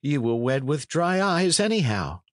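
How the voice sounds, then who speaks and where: An anxious young runaway, timid and pleading, in an unabridged audiobook, as a man reads him. The voice is raised well above the reader's own and swings widely in pitch, and the recording is dry and close. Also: very animated, unhurried, dry recording. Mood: coaxing. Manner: earnest, anxious, archaic speech.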